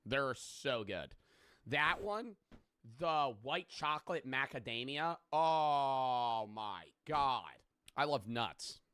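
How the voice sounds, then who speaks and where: A man's voice: medium pitch, lively intonation, slow, fairly bright tone, smooth. A young man in casual live-stream reaction chat who rambles, jokes and swears freely.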